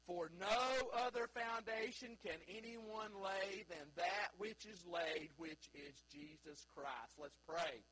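A man preaches to his congregation in a church, his voice high, bright and edged with a husky grain. He swings from loud, high bursts down to low, near-hushed stretches. A faint mains hum sits under the recording. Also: slow pace, few pauses, rough recording. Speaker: pastor. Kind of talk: sermon. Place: church sanctuary.

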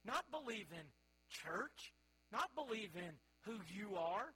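High, bright-voiced preacher man. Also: sing-song, takes it slowly, slightly rough, rough recording. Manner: folksy, storytelling, calls out to the congregation. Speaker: pastor. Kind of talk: sermon.

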